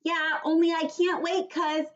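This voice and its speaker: A woman voicing a loud, impatient little girl in a storybook read-aloud, whiny and dramatic. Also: very high-pitched, flat delivery, unhurried, muffled recording, voice pushed up.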